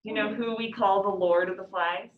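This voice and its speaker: A woman's voice: mid-range voice, fairly even intonation, fairly quick, echoey room, phone-quality sound. A woman teacher leading a class discussion of a poem, chatty and laughing easily, reading lines aloud.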